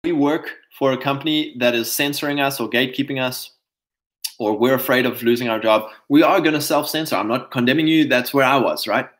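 A man's voice: mid-range voice, brisk, fairly bright tone. A man giving a live-streamed monologue, emphatic and insistent, often tagging his points with "right?" and mocking opponents in quoted voices. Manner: mocks others in put-on quoted voices. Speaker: online commentator.

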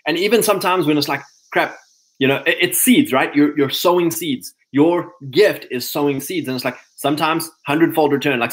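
A man's voice: fairly high pitch, fast, fairly bright tone, low-quality recording. A man giving a casual motivational talk to other men, conversational, often repeating himself and acting out little quoted lines. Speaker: speaker addressing men.

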